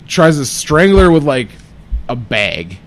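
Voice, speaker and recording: A man co-hosting a casual podcast, with a higher-than-usual voice that jumps around a lot as he reacts. He gets indignant and swears freely, firing back short questions and outbursts. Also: big pitch swings, measured pace. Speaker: podcast co-host.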